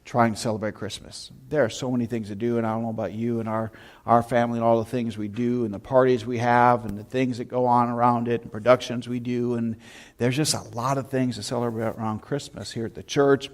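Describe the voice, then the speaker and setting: A pastor in a church sanctuary delivers a storytelling sermon, his voice medium in pitch and a little fast. He animates his anecdotes with shouted imitations.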